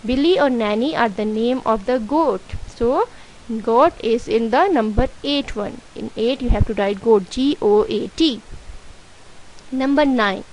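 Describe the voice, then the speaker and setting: A woman teacher with a Pakistani accent, slowly explaining a workbook lesson to young children and asking them questions as she goes. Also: on the high side, darkish tone, poor audio. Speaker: school teacher. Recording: faint background hiss.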